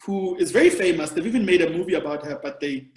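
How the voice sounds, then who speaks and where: A South African comedian hosting a podcast talks at a quick pace in a fairly high, expressive, slightly mellow voice. He chats casually and meanders through long historical explanations, with a roomy echo in the recording.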